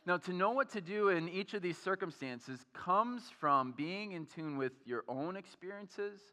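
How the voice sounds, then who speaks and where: A young pastor with a fairly high, bright and forceful voice preaches in a church auditorium. His delivery is energetic and chatty, full of fillers and questions to the crowd. The sound carries a long reverb from the hall. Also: unhurried. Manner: energetic and conversational, with many fillers and questions to the audience. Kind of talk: sermon.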